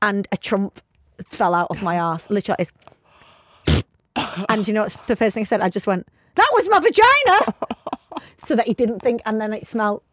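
A young woman co-hosting a podcast, telling candid stories in a giggly, animated way. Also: mid-range voice, brisk, pauses often, dry recording. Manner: candid, giggly storytelling, animated when quoting. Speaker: podcast co-host. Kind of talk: casual chat.

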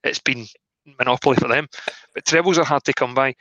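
A man, co-hosting a casual football podcast, animated and opinionated. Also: medium pitch, fairly quick, no room sound, poor audio. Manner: animated, opinionated, restarts often. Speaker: podcast co-host.

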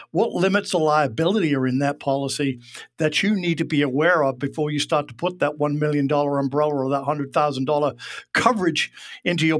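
A man, guest on a podcast, explaining insurance points conversationally with a dry, wry sense of humor. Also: fairly high pitch. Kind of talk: conversational interview.

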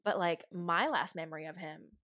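Young woman on a podcast, lowish bright voice, dry sound, says like a ton. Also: moderate pace, dry recording. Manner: casual, says "like" constantly, giggly. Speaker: podcast co-host. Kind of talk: casual chat.

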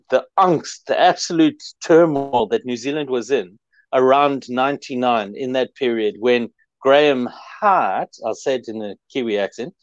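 A man reflecting at length in a sports chat, hesitant and full of fillers. His voice is mid-pitched, and the recording is dull and very dry. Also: darkish tone, no echo. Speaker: rugby podcast co-host.

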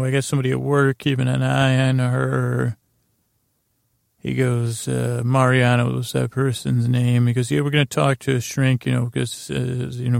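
Man, very gravelly voice, flat monotone, dry close sound, rambling bedtime recap, halting with fillers. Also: no echo. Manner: low-key, flat retelling of dialogue. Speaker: sleep podcast host. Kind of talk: meandering bedtime recap of a TV episode.

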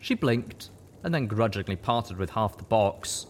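A man giving a first-person audiobook narration with steady storytelling. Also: fairly low pitch, a little slow, a little hiss or hum.

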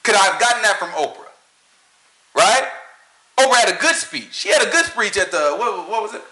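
A man talking casually about church and preaching, animated and joking, often laughing. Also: high-pitched, a little fast, roomy sound, low-quality recording. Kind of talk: casual opinion talk.

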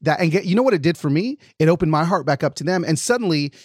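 Animated storytelling man, high voice. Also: quick pace, dry recording, clean studio sound. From lives in Nashville, Tennessee. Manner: animated storyteller, acts out quotes. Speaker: podcast host. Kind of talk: casual podcast chat.

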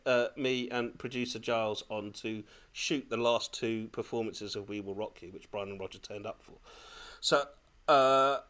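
A man on a podcast telling a lively personal story in casual chat, laughing often as he goes. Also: mid-range voice. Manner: animated, laughing, breathless when excited. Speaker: podcast co-host.

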